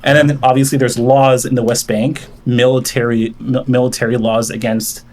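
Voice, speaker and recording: A man's voice: medium pitch, level tone, normal speed, darkish tone, a little hiss or hum. A man on a call with a streamer, laying out a long argument point by point, with many fillers and restarts. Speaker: caller debating the host. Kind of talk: online debate call.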